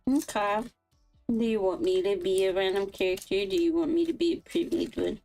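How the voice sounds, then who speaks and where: Woman co-host, casual chatty streamer, mid pitch, soft music under her voice. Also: animated, moderate pace, low-quality recording. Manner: chatty, giggly. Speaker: improv co-host. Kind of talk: casual chat.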